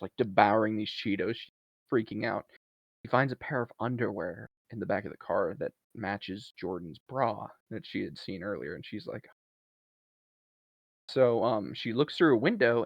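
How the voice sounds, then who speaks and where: A man's voice: on the low side, vocal fry, no echo. A man co-hosting a podcast, casually recapping a movie and acting out the characters' lines. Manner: animated storytelling, acts out characters' lines. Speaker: podcast co-host. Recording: dull lo-fi, dry.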